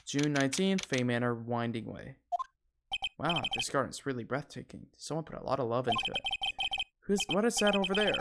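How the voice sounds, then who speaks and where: A man's voice: mid-range voice, lively intonation, brisk, heavy background noise. A man streaming a playthrough of a story game, reading the lines aloud and making wry, chatty asides. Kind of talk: let's play with reading aloud.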